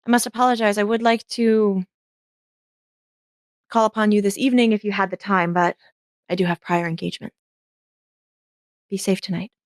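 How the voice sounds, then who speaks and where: An earnest young noblewoman speaks in formal, courteous period phrasing at a middling pitch, as a woman puts her on. The voice is dry and close-miked. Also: steady tone, normal speed, pauses often, no echo, close to an everyday voice. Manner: formal, polite period speech.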